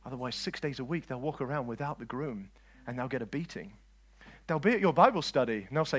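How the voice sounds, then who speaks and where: Animated man preaching a sermon. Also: mid-range voice, brisk, slightly rough. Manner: animated, swings from loud exclamations to quiet asides; jokes with the audience.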